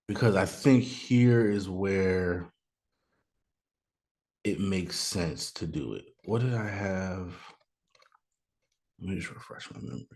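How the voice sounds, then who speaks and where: A man with a deep, darkish voice and a slightly slow pace hosts a podcast, talking through a mock draft in a loose, think-aloud style punctuated by bursts of joking outrage. It's casual solo commentary, recorded in a room at home with noise coming from outside.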